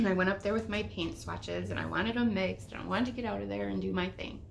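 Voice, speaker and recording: A middle-aged woman giving a casual spiritual talk, telling stories with animated swings between whispers and exclamations and swearing casually. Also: mid-range voice, brisk, creaky, slight background noise. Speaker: spiritual teacher. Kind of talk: casual spiritual teaching monologue.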